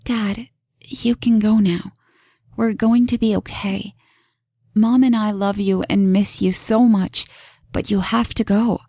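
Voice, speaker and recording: A woman's voice: mid-range voice, fairly even intonation, takes it slowly, dry recording, clean studio sound. A woman voicing a tearful grown daughter. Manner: pleading, soft and tearful. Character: grieving grown daughter, tearful but gentle.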